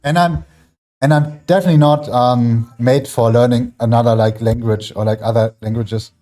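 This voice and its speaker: A man's voice: medium pitch, steady tone, moderate pace, dark tone. A man with a German accent, a fitness livestreamer, chatting casually and rambling with many fillers while training in his home gym. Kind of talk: casual chat while working out.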